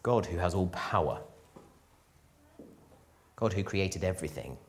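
Male preacher, lower voice, very lively swings between loud emphasis and quiet asides. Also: a little slow. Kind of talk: sermon.

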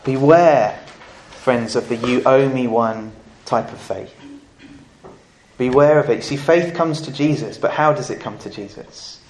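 A man's voice: mid-range voice, lively intonation, a little slow, a little mellow, a little hiss or hum. A man preaching a sermon to his congregation in an earnest manner, putting direct questions to his listeners. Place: church. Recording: echoey church hall.

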